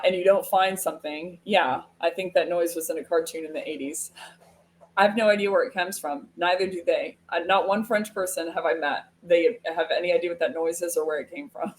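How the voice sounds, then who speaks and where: An American woman hosting a live sales webinar, talking casually and telling stories with frequent laughs. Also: fairly low pitch. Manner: animated storytelling with frequent laughs. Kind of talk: casual live-stream talk.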